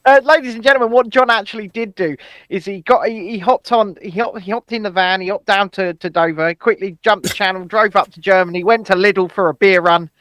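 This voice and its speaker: Brief: male co-host, high-pitched, playful, swears, dry close sound. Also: brisk, no room sound. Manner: jokey, animated, swears. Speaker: podcast co-host. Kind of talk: casual chat.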